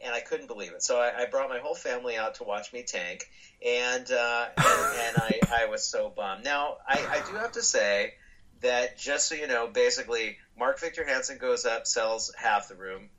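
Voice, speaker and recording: A man being interviewed as a guest, telling animated stories with frequent restarts and acted-out dialogue. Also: medium pitch, moderate pace, slight background noise, poor audio. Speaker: guest speaker. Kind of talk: storytelling interview answers.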